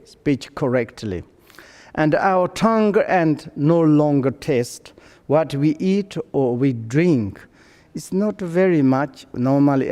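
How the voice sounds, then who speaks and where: An older man giving a Buddhist dharma teaching, speaking halting English and searching for words as he goes. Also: medium pitch, mellow. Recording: long hall reverb.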